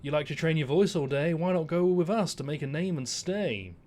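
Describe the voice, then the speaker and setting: A man's voice: a little high, expressive, a little fast, pitched above the performer's own voice, natural voice. A man voicing an old, patient cat in a storybook read aloud during a game stream, meowing and coaxing in rhyme. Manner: meowing, gently persuasive rhymes.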